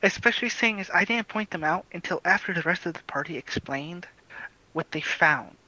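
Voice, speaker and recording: A man playing in a tabletop game, speaking calmly and matter-of-factly in casual chat. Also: sits high, moderate pace, no echo. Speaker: player. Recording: dull dry lo-fi mic.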